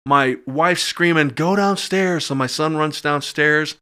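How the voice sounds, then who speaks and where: A middle-aged man, a podcast guest, telling a personal story in casual talk and acting out the voices when he gets excited. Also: a little high, measured pace, clean tone.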